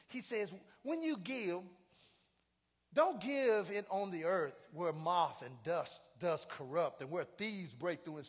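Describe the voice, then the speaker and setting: A man pastor preaching a sermon in a church, leading call-and-response and rising to shouts. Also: very high-pitched, husky. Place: church sanctuary. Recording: long hall reverb.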